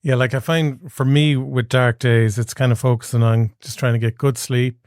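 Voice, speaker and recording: A man's voice: mid-range voice, steady tone, normal speed, darkish tone, dry recording, studio quality. A man hosting a podcast interview, sharing his own habits plainly and then asking a direct question. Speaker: podcast host. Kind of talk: interview conversation. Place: podcast studio.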